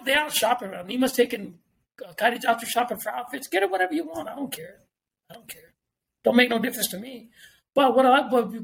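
A man's voice: very high-pitched, a bit bright. A man, talking as a podcast guest in casual chat, emphatic, repeating himself and swearing freely.

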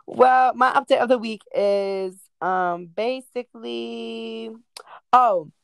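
Brief: teen girl co-host, bubbly, casual swearing, drawn-out fillers, dry mic. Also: a little high, gravelly, clean tone, no echo. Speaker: podcast co-host. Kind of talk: casual chat.

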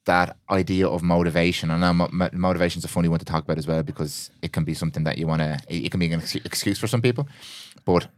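A man hosting a podcast, talking in a quick, reflective way and restarting words mid-thought. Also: deep voice, steady tone, no echo, clean studio sound. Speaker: podcast host. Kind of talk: casual podcast conversation.

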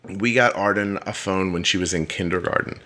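Middle-aged host guy, very low pitch, blunt, jokey, emphatic. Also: fairly quick, bright, forceful tone. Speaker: podcast host. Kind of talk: casual conversation.

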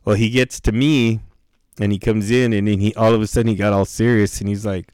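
A man's voice: fairly low pitch, flat delivery, a little fast, a little mellow, clean tone, no room sound, studio quality. A man casually telling a story on a podcast, laid-back and slangy, swearing freely and laughing as he talks.

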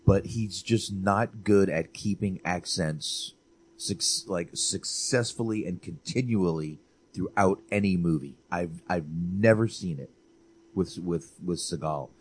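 Man, very low voice, casual movie talk, animated, repeats words, swears. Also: slow pace, breathy edge. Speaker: podcast co-host.

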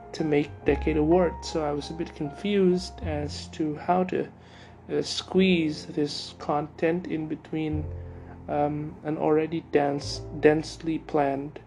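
A man's voice: fairly high pitch, vocal fry, darkish tone. A young man hosting his own podcast, talking casually and hesitantly with many fillers and restarts. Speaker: podcast host. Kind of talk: casual solo podcast talk.

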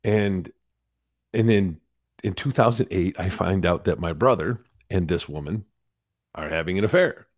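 A man's voice: low voice, a little slow, dry recording, studio quality. A man in his forties, a podcast guest, telling his life story candidly and acting out what others said. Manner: candid, animated retelling with acted-out quotes. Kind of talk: storytelling interview.

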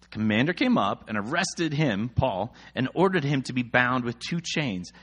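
A man's voice: medium pitch, expressive, normal speed, fairly bright tone, breathy edge. A man in his thirties reading scripture aloud and breaking off into jokey, exasperated asides about it. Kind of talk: casual scripture reading and commentary.

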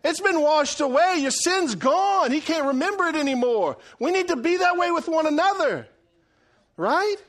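A middle-aged man preaching a sermon, animated and joking, swinging between loud and hushed delivery. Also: very high-pitched, normal speed. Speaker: pastor.

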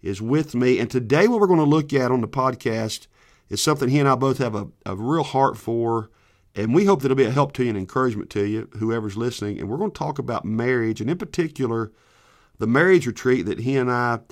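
A man's voice: medium pitch, animated, brisk. A man hosting a Christian podcast, talking casually and rambling with frequent restarts. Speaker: podcast host.

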